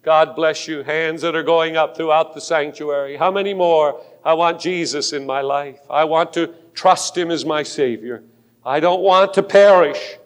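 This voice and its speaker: A pastor making an urgent, pleading altar call during a sermon in a large church sanctuary. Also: male voice, on the high side, steady tone, normal speed, hardly any pauses. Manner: pleading and urgent, rising to fervent force. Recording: long hall reverb of a church.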